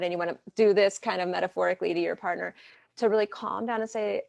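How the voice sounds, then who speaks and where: A woman therapist answering interview questions in a lively way, often acting out clients' quoted lines as she gives examples. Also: lowish voice, fast, vocal fry, dry recording. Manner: animated, talks through examples and quoted dialogue. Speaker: therapist and coach.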